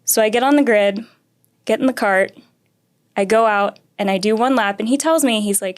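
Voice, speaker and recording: A woman's voice: mid-range voice, moderate pace. A young woman, a karting racer, telling a long story from her racing start in a casual interview, acting out quotes and laughing often. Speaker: karting racer, podcast guest.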